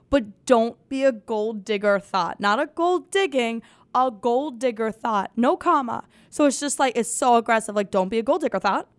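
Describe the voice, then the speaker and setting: A young woman with a fairly high voice hosts a casual comedy podcast, sarcastic and swearing freely. She mocks quotes by putting on voices. The recording is dry.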